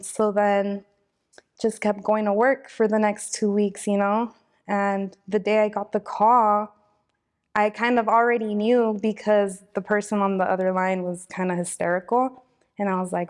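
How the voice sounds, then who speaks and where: Woman in her twenties, flat delivery, casual and heartfelt, lots of "like" and "um". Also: medium pitch, moderate pace. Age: 20s. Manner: casual, heartfelt, many fillers like "like" and "um". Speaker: interviewee, victim's daughter. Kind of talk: emotional personal interview.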